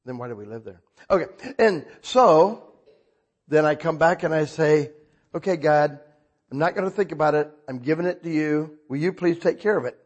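An older man preaching a sermon in a husky voice, talking conversationally and asking the congregation frequent questions. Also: on the high side, expressive, normal speed, muffled recording. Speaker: pastor.

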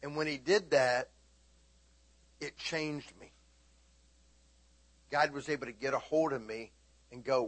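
A man preaching a sermon, animated, swinging between loud exclaiming and hushed talk. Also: mid-range voice, a little slow, long pauses, no room sound.

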